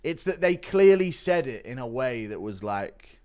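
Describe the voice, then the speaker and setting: A man's voice: medium pitch, sing-song, unhurried, darkish tone. A man streaming casual commentary, reading out donations and reacting bluntly, swearing often and rambling with lots of fillers. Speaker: streamer reacting to MMA news.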